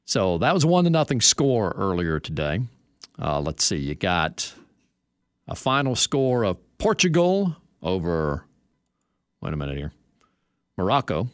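A man's voice: sits low, wildly swooping pitch, unhurried, long pauses, no echo, studio quality. A man hosting a sports radio show, reading news items and chatting with asides.

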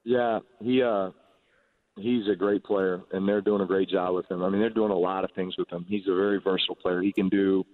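Middle-aged man, low-set voice, halting phone-in guest, dry tinny line. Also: fairly even intonation. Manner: halting, many restarts and fillers. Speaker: quarterback guest. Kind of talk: casual radio phone interview.

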